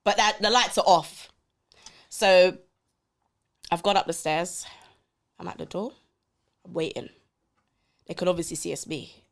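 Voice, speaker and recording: A woman, a podcast guest telling a story in a lively, swearing way and acting out the voices in it. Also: on the low side. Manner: animated, acts out quotes, swears. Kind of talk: casual storytelling.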